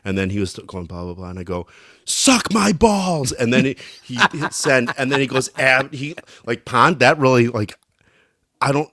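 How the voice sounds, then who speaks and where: Male co-host, mid-pitched, joking storyteller with loud outbursts, dry studio mic. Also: normal speed, no room sound. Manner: joking, loud bursts when quoting himself. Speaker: podcast co-host. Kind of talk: casual storytelling chat.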